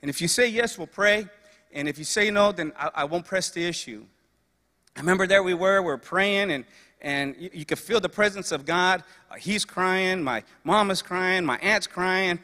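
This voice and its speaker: Male preacher, earnest and repetitive, forceful bright tone, long hall reverb. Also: high-pitched, normal speed. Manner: earnest storytelling with repeated phrases. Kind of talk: sermon.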